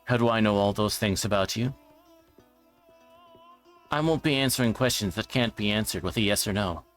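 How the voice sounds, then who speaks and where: A man reading a visual novel aloud, voicing a cold, politely menacing middle-aged male killer with a measured, taunting manner. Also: fairly low pitch, fairly bright tone, soft background music, natural voice. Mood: calm menace.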